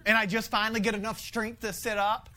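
Man, pastor, bright tone, lively storytelling sermon with frequent laughs. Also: high-pitched, quick pace. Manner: animated, laughing, swings from loud to hushed. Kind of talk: conversational sermon.

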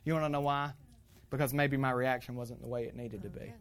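Animated male pastor telling stories. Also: mid-range voice, fairly quick. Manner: animated, playful storytelling with laughter. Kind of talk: sermon with personal stories.

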